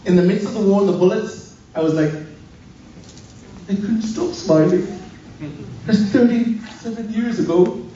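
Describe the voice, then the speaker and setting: A middle-aged man from Africa, a guest preacher telling a story in a lively sermon and acting out the dialogue. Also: unhurried, long pauses, a little hiss or hum. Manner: animated, acting out dialogue with swooping pitch. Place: church. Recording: echoey church hall, distant dull mic.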